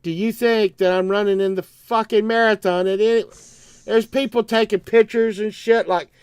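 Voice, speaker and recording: A man's voice: sits high, fairly even intonation, normal speed, a little mellow, smooth, no echo. A man, telling a rambling, profane story on his livestream and acting out both sides of the argument.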